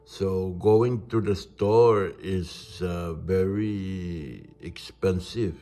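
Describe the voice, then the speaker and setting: A man, ranting in a halting, indignant monologue. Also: deep voice, dark tone. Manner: indignant, halting, restarts words. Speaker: vlogger.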